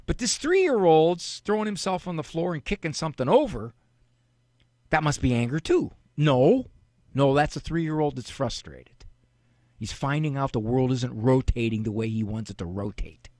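A middle-aged man hosting a radio advice show, talking in a casual, animated, folksy way. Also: on the high side, no room sound, studio quality. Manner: animated, folksy, acts out parents' quotes. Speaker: radio show host and psychologist.

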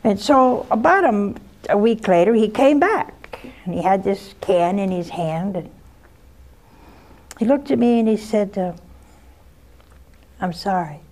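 A woman's voice: medium pitch, expressive, a little slow, darkish tone. An older woman, a nun hosting a call-in show, giving frank spiritual advice and telling stories from her own life in a folksy, direct way. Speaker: nun and host answering callers. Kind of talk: spiritual advice and personal storytelling.

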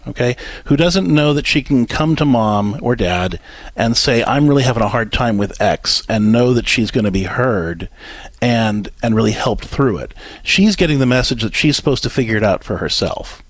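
A man's voice: medium pitch, lively intonation, moderate pace, dry recording. A man co-hosting an advice talk show, counseling a caller on parenting and acting out what parents and kids say. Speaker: radio show co-host, counselor.

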